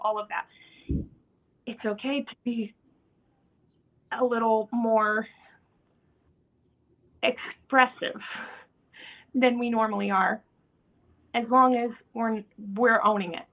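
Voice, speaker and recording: A fairly high-voiced woman with a gravelly, creaky edge chats on a podcast, animated and expressive. Her voice comes through thin and tinny, like a phone line. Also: takes it slowly, long pauses. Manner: animated, acts out quoted voices. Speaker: podcast host. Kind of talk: casual podcast chat.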